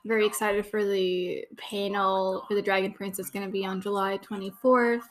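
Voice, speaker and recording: A woman's voice: medium pitch, little pitch movement, normal speed. A young woman hosting a casual fan watch-along podcast, chatty and gushing, with lots of fillers. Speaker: podcast host giving watch-along commentary.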